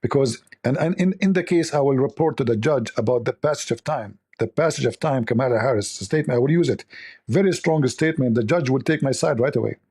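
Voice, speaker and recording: Man, livestream host, casual commentary, sarcastic and rambling, dark husky voice. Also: medium pitch, fast.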